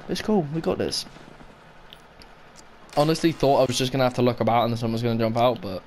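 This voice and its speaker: A man's voice: medium pitch, quick pace, a little mellow, a little hiss or hum. A young man doing let's play commentary, swearing often and muttering sarcastically to himself. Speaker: gaming YouTuber.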